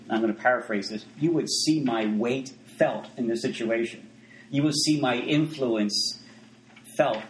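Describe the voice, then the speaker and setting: A preacher with a gravelly, ordinary-pitched voice delivers an easygoing, conversational sermon, often breaking off into asides and restarting sentences. The room rings with echo, and there's slight background noise.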